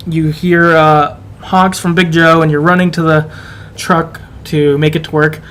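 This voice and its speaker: A man's voice: fairly high pitch, flat delivery, unhurried, fairly bright tone. Chatty man recapping a game. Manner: rambling, lots of fillers and likes. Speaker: podcast co-host. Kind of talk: casual game recap chat.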